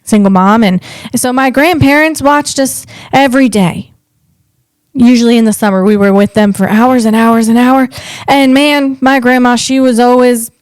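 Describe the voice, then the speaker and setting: A woman's voice: fairly high pitch, smooth, no echo. A woman from the Northeast US hosting a casual comedic podcast, chatty and rambling, often restarting her sentences.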